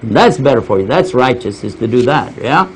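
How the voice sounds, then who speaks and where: A man's voice: mid-range voice, moderate pace, husky, rough recording. An older man giving a casual lecture and answering questions, telling folksy stories. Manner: folksy storytelling, animated quoting of others.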